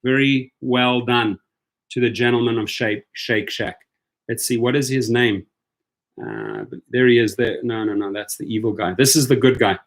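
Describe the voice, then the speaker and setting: A man's voice: medium pitch, expressive, normal speed. Chatty upbeat live-stream man. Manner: chatty, upbeat, greets viewers by name. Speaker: host of a live stream for rideshare drivers. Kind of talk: casual live-stream chat.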